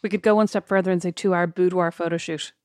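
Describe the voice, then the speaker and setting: A woman's voice: lowish voice, fairly even intonation, fast, a little mellow, no room sound. A woman in her thirties with an Irish accent, chatting playfully as podcast co-host. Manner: playful, jokey. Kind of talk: casual chat.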